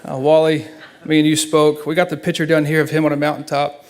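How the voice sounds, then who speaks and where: A middle-aged man, a son, giving an emotional eulogy in a church and telling stories earnestly, his voice swinging between hushed and loud. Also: on the high side, flat delivery, fast talker.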